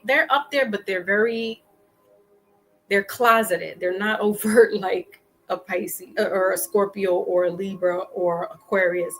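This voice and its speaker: A woman gives a relaxed tarot reading in a chatty, loose way, stopping and restarting her words often. Her voice sits at a middle pitch, and soft music plays faintly behind her. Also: low-quality recording. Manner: chatty, frequent restarts and fillers. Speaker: tarot reader.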